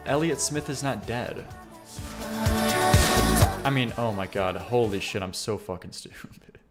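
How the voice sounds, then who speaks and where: A man's voice: fairly low pitch, expressive, a little slow, over music. Slangy young-sounding streamer guy, rambling. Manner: rambling, slangy, swears freely. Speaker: livestream host reviewing music. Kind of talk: casual livestream commentary.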